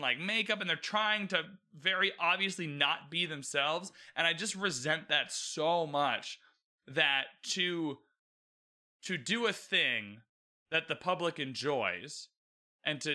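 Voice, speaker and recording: Bright-voiced man ranting casually. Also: on the high side. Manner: animated, swearing, frequent "you know what I mean". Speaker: book and show commentator. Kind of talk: casual reaction commentary.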